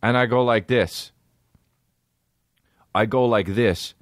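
A man, a podcast host telling stories in a casual, animated way, swearing a lot and acting out voices. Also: mid-range voice, slow pace, no echo, studio quality. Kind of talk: casual storytelling.

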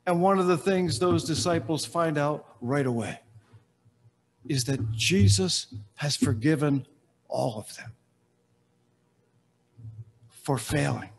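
A man preaching slowly in a large church, his voice carried by a long reverb. He sits a little high for a man and tells the story with long dramatic pauses, often letting phrases fall away to a hush. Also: vocal fry, husky. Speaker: pastor. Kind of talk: sermon.

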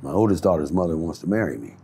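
A man in a candid street interview, speaking in a low-key, reflective way and swearing freely. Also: very fast, dark tone, slight background noise.

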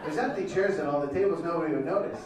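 A man's voice: a little high, noisy background. Teasing male comedian in a roomy hall. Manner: teasing, playful, quick banter with audience members. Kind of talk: improvised crowd work. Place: event hall with a laughing audience. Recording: roomy, distant mic with loud crowd laughter.

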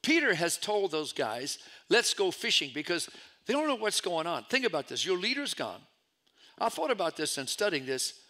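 A middle-aged male pastor preaches a storytelling sermon in a bright, ringing voice set a little high for a man. He swings between loud, lifted calls and quiet, hushed asides as he retells the scene. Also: big pitch swings, moderate pace.

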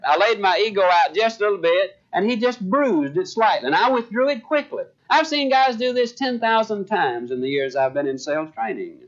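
Older sales trainer, lively high-pitched delivery, acts out the dialogue in his anecdotes, muffled lo-fi recording. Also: normal speed, hardly any pauses. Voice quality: animated storyteller voicing dialogue. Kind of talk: motivational speech. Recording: dull lo-fi speech recording.

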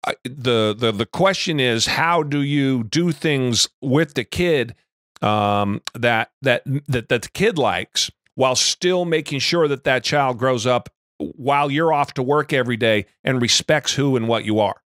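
Brief: man hosting a podcast, measured questions, dry close-mic sound. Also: medium pitch, a bit bright, no room sound. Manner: measured, mostly short backchannel replies. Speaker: podcast host. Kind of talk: interviewing.

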